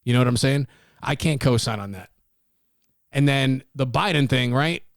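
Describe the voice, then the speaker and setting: A man's voice: mid-range voice, normal speed, no echo, clean studio sound. A man hosting a casual solo podcast, talking bluntly and profanely, rambling with restarts. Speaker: podcast host.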